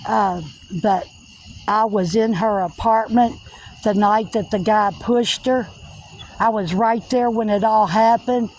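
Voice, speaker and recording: A woman's voice: medium pitch, a little mellow, poor audio. A woman vlogger recounting a personal spiritual testimony in an earnest, repetitive storytelling manner. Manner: earnest, repetitive retelling with many "I said" tags.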